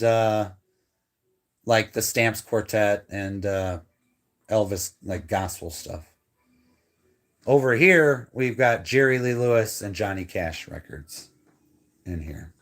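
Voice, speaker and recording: A man's voice: fairly low pitch, fairly bright tone. Chatty co-host man, casual rambling room-tour delivery, phone-filmed live stream at home. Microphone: handheld phone camera.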